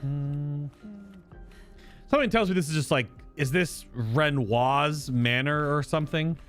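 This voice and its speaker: A man's voice: on the high side, measured pace, fairly bright tone, faint music behind. A man giving casual, playful commentary while playing through a video game, joking and thinking aloud as he explores. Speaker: let's play host.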